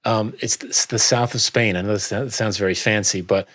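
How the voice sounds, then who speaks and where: A middle-aged man guesting on a podcast, talking in a relaxed, rambling way with many fillers. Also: fairly low pitch, a little fast. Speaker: guest author. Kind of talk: casual interview chat.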